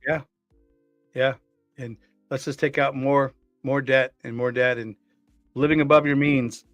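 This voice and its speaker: A man co-hosting a casual podcast chat who rambles, restarts and fills his sentences as he goes. His voice sits at an ordinary middle pitch and sounds close and dry. Faint music plays underneath. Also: level tone, unhurried, no room sound, dull audio. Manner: rambling, many restarts and fillers. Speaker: co-host.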